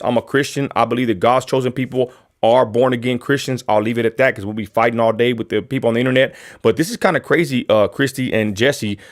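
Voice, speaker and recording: Excitable male stream host from West Texas, slangy and casual. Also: medium pitch. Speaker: show host. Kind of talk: live political chat stream.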